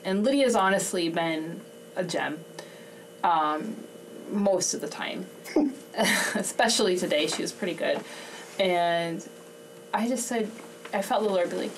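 A woman's voice: fairly low pitch, unhurried. A woman co-hosting a faith conversation, talking candidly and openly about her emotions and laughing often. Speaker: podcast co-host and homeschooling mother. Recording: distant mic, faint background noise.

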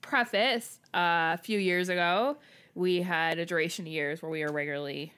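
A middle-aged woman co-hosting a podcast, telling a story in an animated, self-deprecating way. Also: fairly low pitch, moderate pace, clean tone. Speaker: podcast co-host. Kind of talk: casual storytelling chat.

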